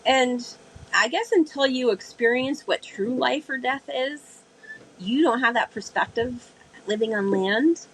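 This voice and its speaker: Unhurried and on the high side, this woman's slightly rough voice comes through poor audio. She is a sailor guesting on an interview, vividly recounting a story and voicing the people she quotes with animation.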